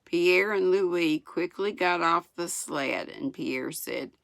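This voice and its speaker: A woman in her sixties from the United States, reading a children's book aloud in an unhurried way. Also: on the low side, creaky, fairly bright tone, no room sound. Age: 60s. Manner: unhurried, chuckles at the story. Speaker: storyteller.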